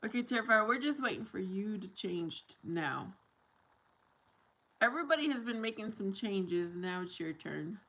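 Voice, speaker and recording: A woman's voice: mid-range voice, lively intonation, moderate pace, a bit bright, rough recording. A woman hosting a casual livestream from her kitchen while washing dishes, reading viewer comments aloud and laughing often. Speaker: livestream host.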